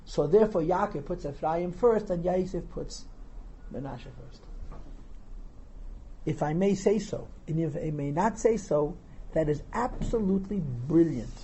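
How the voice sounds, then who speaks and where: A man's voice: fairly high pitch, expressive, measured pace, warm tone, a little hiss or hum, poor audio. A man teaching a text class as a rabbi, translating line by line and asking rhetorical questions. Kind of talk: lecture on Torah text, reading and translating.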